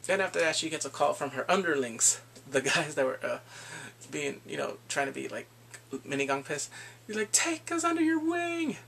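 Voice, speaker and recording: A man casually recapping drama episodes, animated and laughing often, acting out the characters' lines. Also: mid-range voice, moderate pace, gravelly, slightly rough. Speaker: drama reviewer.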